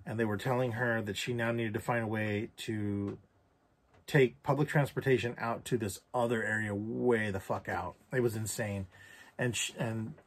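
A man's voice: fairly low pitch, steady tone, normal speed. A man recounting a personal story for a journal vlog, candid and reflective, with casual swearing. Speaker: vlogger.

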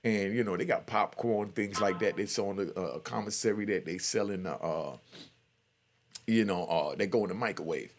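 An older man with a low, gravelly voice tells a true story at normal speed in a casual, streetwise manner, often adding "you know what I mean." A little hiss or hum can be heard.

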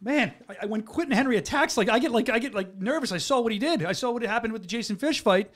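A man hosting a casual bare knuckle fighting talk show, talking quickly and excitably, often restarting his sentences. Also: extremely high pitch. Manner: fast, excitable, stumbling restarts. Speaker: show host.

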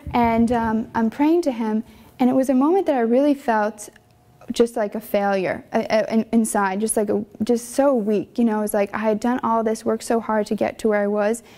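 A young religious sister recounts her calling, earnest and emotional, stumbling through little fillers as she goes. Her voice sits a bit high yet sounds mellow, with a gravelly edge. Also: steady tone, normal speed. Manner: earnest, conversational, many fillers; emotional storytelling. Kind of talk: personal vocation testimony.

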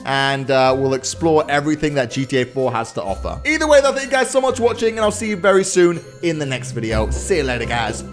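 Excitable gaming commentator, lively high voice. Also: male voice, fast talker, hardly any pauses, faint music behind. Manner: excitable, laughs a lot, talks to viewers as guys. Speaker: gaming YouTuber. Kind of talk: casual let's-play commentary. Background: game audio.

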